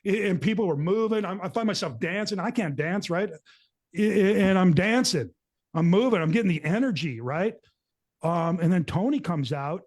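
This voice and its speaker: Male host, middle-aged, a bit high-pitched, casual and animated, acts out quotes. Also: moderate pace. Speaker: show host. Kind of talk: casual storytelling to co-hosts.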